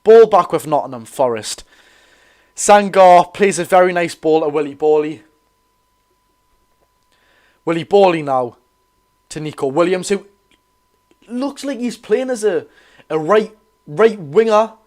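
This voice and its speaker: A man's voice: high voice, expressive, measured pace, long pauses, darkish tone. A man with a Geordie accent hosting a live football watch-along, giving chatty commentary, correcting himself and greeting viewers.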